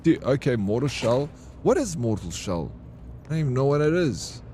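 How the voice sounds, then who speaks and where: A man's voice: medium pitch, very animated, normal speed, mellow, slight background noise. Chatty man streaming games. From South Africa. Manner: chatty, greets viewers by name. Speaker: game streamer. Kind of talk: casual live-stream chat.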